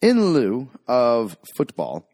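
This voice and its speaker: A male podcast host chatting loosely with his co-host. He rambles, stumbles over words and drops casual profanity into his jokes. His voice sits at a middle pitch and sounds close and dry, with no room around it. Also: wildly swooping pitch, takes it slowly, a little mellow, dry recording. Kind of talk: casual chat.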